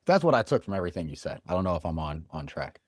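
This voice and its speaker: A man's voice: low voice, sing-song, very fast, no room sound, clean studio sound. A man hosting a podcast, talking casually and eagerly, thinking aloud as he sums up his guest's points. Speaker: podcast host.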